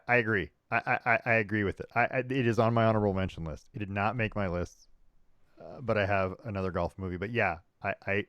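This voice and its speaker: A man co-hosts a sports podcast in a lowish, clear, resonant voice with no room sound. He chats casually and rambles, chuckling, full of fillers and restarts.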